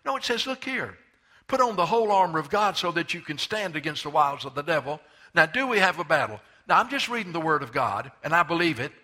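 An older man in his seventies delivers a sermon, his voice pitched a little high and pushed with a forceful, bright edge. He slows right down and leans hard on each line of scripture he reads out. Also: expressive. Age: 70s. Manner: emphatic preaching, slows and stresses scripture readings. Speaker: pastor.

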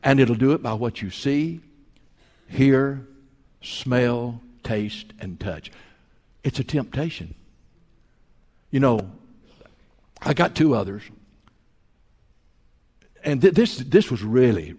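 A man preaching a sermon as pastor, telling folksy stories and swinging between loud and hushed. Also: mid-range voice, lively intonation, slow pace, long pauses, slightly rough, long reverb tail. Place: church sanctuary.

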